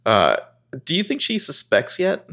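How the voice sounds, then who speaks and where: A man's voice: on the high side, huge pitch swings, measured pace, a bit bright. A man co-hosting a casual podcast, recapping a TV episode and acting out the characters' lines in jokey voices. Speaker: podcast co-host.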